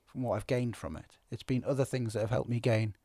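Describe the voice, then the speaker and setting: A man on a podcast, telling stories in a lively way and acting out what people said. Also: medium pitch, brisk, dry recording, studio quality. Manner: animated storyteller, acts out quotes. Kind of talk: casual podcast chat. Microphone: studio podcast microphone.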